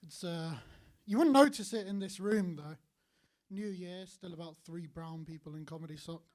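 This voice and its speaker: A young man performing stand-up at a student comedy night, with a fairly high voice. He delivers his set in a dry, deadpan way, slipping in ironic asides. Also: moderate pace. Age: young adult.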